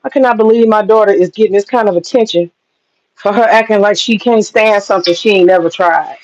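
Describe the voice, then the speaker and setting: A woman's voice: medium pitch, a little fast, darkish tone, highs cut off. Woman cooking vlogger, casual and profane, tells long stories while cooking. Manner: chatty, profane storytelling. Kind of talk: casual cooking vlog chat.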